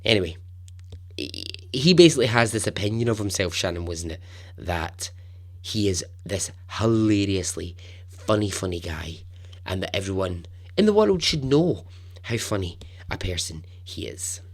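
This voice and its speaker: A man hosting a storytelling podcast, narrating in a chatty, animated way with asides. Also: sits low, normal speed. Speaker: podcast host.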